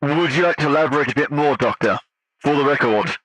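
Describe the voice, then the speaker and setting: A man voicing a male agent who runs a post-incident interview with calm, procedural questions. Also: fairly high pitch, a little fast, no room sound, lightly acted, poor audio. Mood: interrogating.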